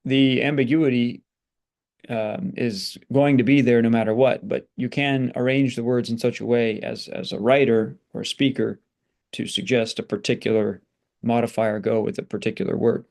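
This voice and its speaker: A man teaching Latin, patiently working through example sentences and sounding out syllables slowly. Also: medium pitch, a little mellow. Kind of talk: explanatory lesson.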